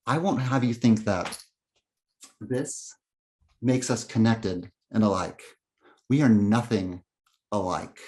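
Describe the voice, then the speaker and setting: A man's voice: mid-range voice, lively intonation, unhurried, a little mellow. A man delivering a bitter, sardonic dramatic inner monologue as narrator. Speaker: narrator and main character.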